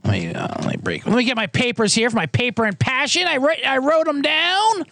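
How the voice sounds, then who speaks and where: A man's voice: very high-pitched, very animated, a little fast, pushed and bright. A man hosting a sports betting podcast in a casual, jokey, rambling way, often interrupting himself. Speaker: podcast host.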